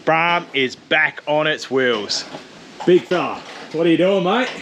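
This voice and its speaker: A man's voice: a little high, animated, a little slow, background noise. A man with an Australian accent, chatting and joking casually while working on a car in his shed. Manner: jokey, teasing, chatty. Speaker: channel host. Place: home shed workshop.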